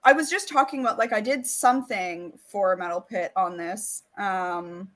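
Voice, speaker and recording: A woman's voice: mid-range voice, moderate pace, a bit bright. A woman co-hosting a metal music podcast, chatting casually and enthusiastically, full of "like" and "um". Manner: chatty, enthusiastic, lots of "like" and "um" fillers. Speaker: podcast co-host. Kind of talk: casual chat.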